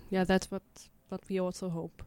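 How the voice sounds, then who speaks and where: A woman's voice: on the low side, little pitch movement, normal speed, darkish tone, a little hiss or hum. A young woman from Hungary, a community radio member, chatting casually and hesitantly with many fillers. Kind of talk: casual conversation.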